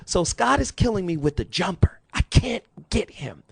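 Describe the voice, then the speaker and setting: A man's voice: high voice, moderate pace, gravelly, breathy edge, no echo. A man in his forties hosting a radio talk show, telling a story with lots of laughter. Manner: animated storyteller, laughs often.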